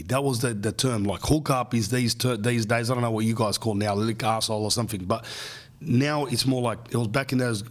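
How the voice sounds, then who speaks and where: A man's voice: mid-range voice, steady tone, a little fast. Australian man telling rambling stories. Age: 30s. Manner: casual and slangy, peppered with "bro" and "man". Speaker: podcast host. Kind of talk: rambling comic storytelling.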